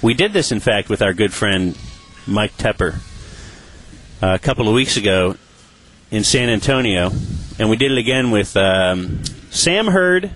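A man's voice: lowish voice, expressive, unhurried, a bit bright, rough recording. A man hosting a sports radio show, telling a story with a wry, chuckling delivery. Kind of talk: casual radio banter.

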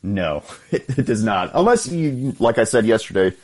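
A man's voice: lowish voice, very animated, moderate pace, darkish tone. A man, calling in and telling stories in an easygoing way with chuckles. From Texas. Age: 30s. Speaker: caller. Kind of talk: call-in chat.

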